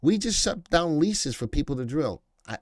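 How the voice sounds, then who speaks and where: A man's voice: on the high side, big pitch swings, normal speed. A middle-aged man hosts a live market stream, reading headlines and talking back to his chat in an off-the-cuff, emphatic way. His voice jumps up when he drives a point home, then settles back down. The sound is close and dry, with no room echo. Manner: reads headlines aloud, then talks back to viewers in chat. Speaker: live stock market show host.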